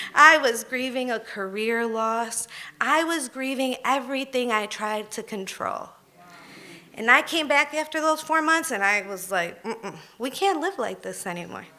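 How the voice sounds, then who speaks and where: A woman's voice: on the high side, bright, forceful tone. A woman in her thirties telling a candid personal story on stage at a live storytelling event, emphatic and conversational.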